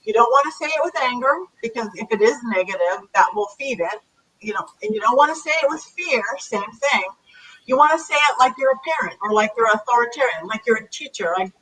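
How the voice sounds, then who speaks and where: A woman being interviewed as a psychic medium, chatting in a lively, animated way over a video call. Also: a little high, fairly quick, slightly rough, low-quality recording. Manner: chatty, animated, acts out commands to spirits. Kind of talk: casual interview chat.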